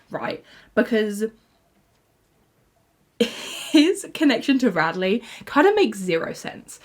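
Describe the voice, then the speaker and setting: A young woman in her twenties, rambling through casual TV fan commentary with frequent "like"s and laughs. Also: medium pitch. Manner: rambling, lots of 'like', laughs often. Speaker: YouTuber.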